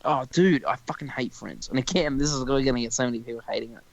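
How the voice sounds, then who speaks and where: A young man in casual podcast chat, with a gravelly, creaky voice at a mid pitch. He swears heavily and rants with strong opinions, talking loosely and in bursts. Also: fast talker, low-quality recording. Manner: profane, ranting, opinionated. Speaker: podcast co-host.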